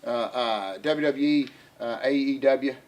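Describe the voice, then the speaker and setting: A man's voice: mid-range voice, a little slow, darkish tone. A middle-aged man, rambling through a casual podcast chat with lots of fillers and restarts. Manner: rambling Southern storyteller, many fillers and restarts. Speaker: podcast co-host, veteran wrestler.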